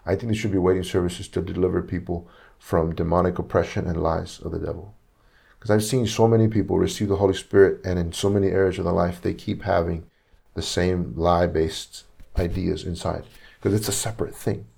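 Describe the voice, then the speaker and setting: A man with a low, gravelly voice preaches a sermon. He tells the story earnestly and voices each person's lines himself. He often repeats a word while he searches for the next one. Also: fairly even intonation, a little fast, mellow. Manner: retells conversations, acting out each speaker's lines.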